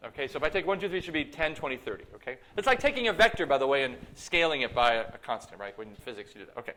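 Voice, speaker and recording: A man's voice: mid-range voice, big pitch swings, rapid-fire, sharp tone. A man giving a live university lecture while demonstrating code, playful and self-mocking in his asides. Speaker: computer science lecturer. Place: lecture hall.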